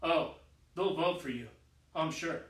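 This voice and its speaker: A man doing a stern, scheming Napoleon. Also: a bit bright. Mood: menacing. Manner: low, slow and clipped. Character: stern scheming male emperor Napoleon, commanding. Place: living room. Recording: roomy room audio from a distant camera.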